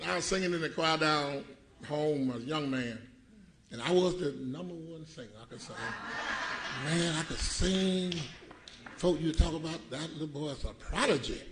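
A man preaches in a high, light voice, spinning a folksy story with plenty of laughter in his delivery. He is recorded live in a church, with the congregation clearly audible around him. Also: moderate pace, a crowd in the background. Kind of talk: storytelling sermon.

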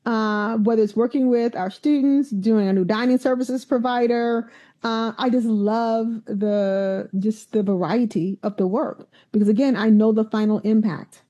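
A woman's voice: a little high, normal speed. A woman who is a university president, telling stories in an interview and acting out the voices of the people she quotes. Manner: animated storyteller, acts out quoted voices. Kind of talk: conversational interview storytelling.

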